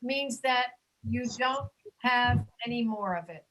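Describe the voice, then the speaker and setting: A woman teaching a pronunciation class over a video call, patiently repeating words slowly for students. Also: fairly high pitch, a bit bright, rough recording. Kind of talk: online class instruction.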